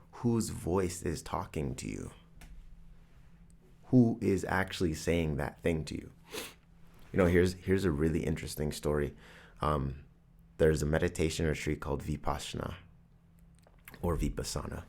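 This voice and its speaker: A man's voice: extremely low pitch, vocal fry, darkish tone. A man hosting a podcast, telling a personal story in an earnest, reflective motivational monologue. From Canada. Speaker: podcast host.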